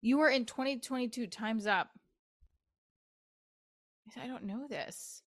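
A woman's voice: on the high side, takes it slowly, fairly bright tone. A woman of forty hosting her own podcast, talking casually and candidly, swearing freely and jumping from one topic to the next. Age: 40s. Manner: candid, profane, jumps between topics. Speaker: podcast host. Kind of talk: casual solo podcast chat.

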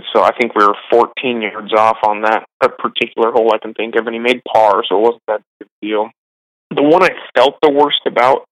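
A young golf caddie, interviewed in a dry, rough recording, speaks with a lowish, slightly bright voice. He rambles through stories casually, in a self-deprecating way.

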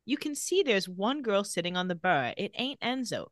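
A woman's voice: big pitch swings, moderate pace, no echo, studio quality. A woman co-hosting a podcast, casually recapping a TV episode and acting out the characters' lines. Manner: reads out scene lines, acting them with big pitch jumps. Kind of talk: casual chat.

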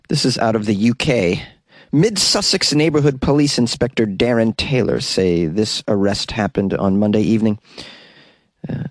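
A man's voice: mid-range voice, dry recording. A man with a New England accent hosting a comedy news podcast, joking and rambling with frequent laughs. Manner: jokey, rambling, laughs often.

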